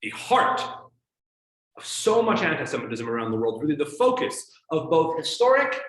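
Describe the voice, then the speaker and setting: A man's voice: a little high, sing-song, moderate pace, a bit bright, echoey room, poor audio. A man teaching an evening class as a rabbi, addressing his audience in a showman-like way and telling jokes.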